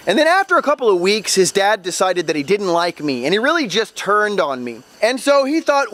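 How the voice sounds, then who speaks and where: Emphatic high-voiced man telling a story. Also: very animated, brisk, hardly any pauses, a bit bright. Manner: emphatic and exasperated, building to outbursts. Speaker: travel vlogger and former ESL tutor. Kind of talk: casual storytelling monologue.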